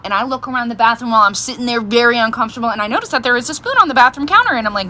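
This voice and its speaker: A young woman vlogger telling a personal story in a frank, animated, exaggerated way. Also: a little high, quick pace, hardly any pauses, a little hiss or hum. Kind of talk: casual storytelling.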